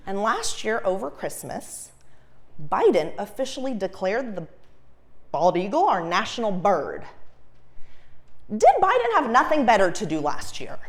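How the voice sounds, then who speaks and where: A young woman from Los Angeles performing a stand-up comedy set, animated, laughing at her own jokes and shrieking her punchlines. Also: mid-range voice, unhurried, pauses often. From Los Angeles, USA. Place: comedy stage before a live audience.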